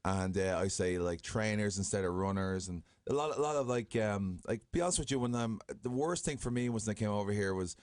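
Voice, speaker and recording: A man's voice: lowish voice, expressive, a little fast, few pauses, a little mellow, no echo. An Irish man in a studio, telling self-mocking stories as a guest in a casual interview. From Ireland. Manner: chatty, self-mocking storyteller. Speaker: guest wrestler. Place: radio studio.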